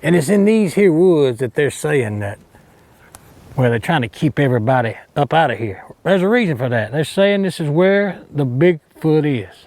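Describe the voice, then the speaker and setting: A cocky Alabama redneck Bigfoot hunter, folksy Southern drawl, rambling, fairly high voice. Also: male voice, expressive, moderate pace, a little mellow, no echo. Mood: boastful. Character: bumbling boastful redneck Bigfoot hunter man. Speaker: hunting show host character. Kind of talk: mock outdoor show comedy acting.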